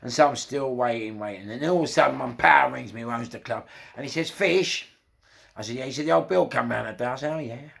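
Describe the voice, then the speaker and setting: A man's voice: medium pitch, quick pace. A man with a London accent casually telling a crime story, swearing freely and acting out the quotes. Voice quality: gravelly. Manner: swearing, animated retelling with acted quotes.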